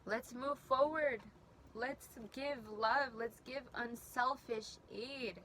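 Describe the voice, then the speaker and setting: A woman's voice: high-pitched, steady tone, slow pace, a bit bright, a little hiss or hum. A young woman giving a heartfelt tarot reading, emotional and earnest, often restarting her sentences. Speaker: tarot reader.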